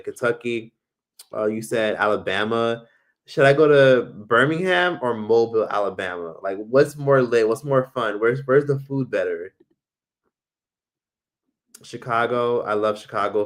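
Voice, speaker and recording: A man hosts a casual live stream, rambling and swearing freely. He reads viewer comments aloud and answers them in a loose, conversational way. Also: lowish voice.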